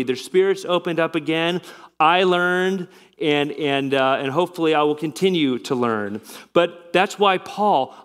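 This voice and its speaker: Earnest man in his middle years, pastor mid-sermon; slightly high voice, restarts often, quiet when confessing. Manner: earnest, confessional, frequent restarts, drops soft and low for stories. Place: church sanctuary.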